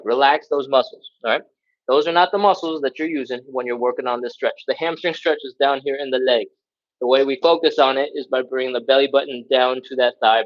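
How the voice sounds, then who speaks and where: A man's voice: mid-range voice, dull audio. Man coaching a stretch class, breathing hard. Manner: energetic, coaching cues and counting aloud; breathing hard, sighs and grunts while stretching along. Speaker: fitness instructor. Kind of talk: live stretching class instruction.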